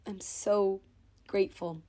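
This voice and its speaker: A woman's voice: mid-range voice, fairly even intonation, slow pace, dark tone. A young woman hosting her own podcast, speaking a sentimental thank-you monologue and holding back happy tears. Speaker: podcast host. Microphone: own camera.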